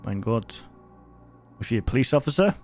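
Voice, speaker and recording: A young man chats through a reaction video in a loose, rambling way, often laughing at his own slips. His pitch sits right in the middle for a man. Soft music plays faintly behind him. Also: very animated, moderate pace. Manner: rambling and self-mocking, reads on-screen text aloud. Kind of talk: casual commentary reacting to videos.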